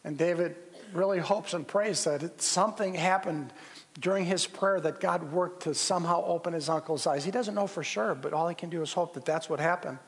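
A man preaching a sermon as pastor, earnest and storytelling with pauses and restarts. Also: fairly high pitch, husky. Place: church sanctuary. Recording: long reverb of a church hall.

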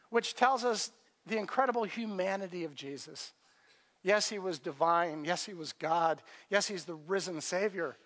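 A man with a high-pitched voice preaching a casual, storytelling sermon. He slips in and out of little voices for the people in the passage. His voice rings with the long reverb of a church sanctuary. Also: moderate pace, fairly bright tone. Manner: conversational preaching, acts out scripture dialogue in varied voices. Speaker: pastor.

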